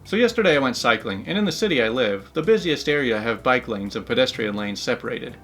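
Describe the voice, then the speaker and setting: A man's voice: medium pitch, animated, quick pace, fairly bright tone, faint music behind. Upbeat, chatty male story narrator. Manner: upbeat, chatty, laughs between asides. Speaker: story channel host. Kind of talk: casual narration of online stories.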